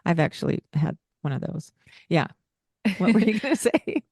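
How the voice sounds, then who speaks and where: A woman's voice: lowish voice, sing-song, moderate pace, darkish tone, breathy edge, dry recording, studio quality. A woman co-hosting a parenting podcast, talking earnestly and explaining things, with light laughs along the way. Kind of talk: casual podcast chat.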